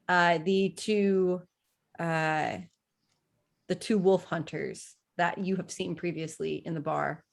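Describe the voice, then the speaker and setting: A woman narrating a tabletop game as game master, halting with many fillers and easy giggles. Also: medium pitch.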